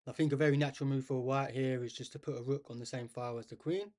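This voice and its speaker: A man's voice: mid-range voice, fairly even intonation, fast, a little mellow. A man commentating live on a chess game for a stream, chatting with viewers and thinking aloud as he goes.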